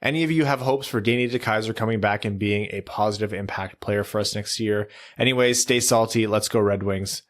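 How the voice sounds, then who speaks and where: A man's voice: fairly low pitch, fairly quick, hardly any pauses. A man co-hosting a casual podcast, joking and reading out listener messages. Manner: laughing, reads listener messages. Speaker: podcast co-host.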